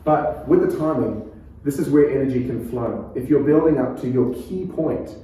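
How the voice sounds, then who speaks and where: A pastor with a New Zealand accent, teaching a preaching workshop in a calm, conversational way and laughing often. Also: male voice, mid-range voice, normal speed, hardly any pauses, slight background noise. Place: church hall. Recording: echoey room, far from mic.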